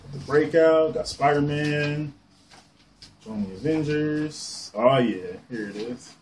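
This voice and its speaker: Man, comic collector, excitable, rambling, casual swearing, camera mic at home. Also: fairly high pitch, slow, a little hiss or hum. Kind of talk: casual show-and-tell.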